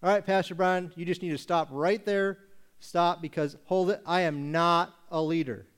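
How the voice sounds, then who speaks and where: Man voicing defensive churchgoer, slightly raised, hurried. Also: high voice, steady tone, natural voice. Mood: protesting. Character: protesting male churchgoer, defensive.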